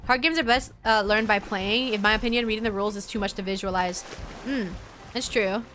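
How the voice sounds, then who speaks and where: A woman's voice: mid-range voice, fairly even intonation, a little fast, fairly bright tone. A woman streaming a game, chatting casually with viewers and rambling between story moments. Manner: chatty, rambling, greets chat. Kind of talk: casual gameplay commentary. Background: game music.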